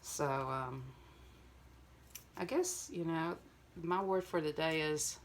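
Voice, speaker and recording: Older woman vlogger, lowish voice, rambling and earnest, speaking straight to viewers. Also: takes it slowly, a little hiss or hum. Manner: rambling, earnest, full of "you know". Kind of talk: casual heartfelt monologue to viewers.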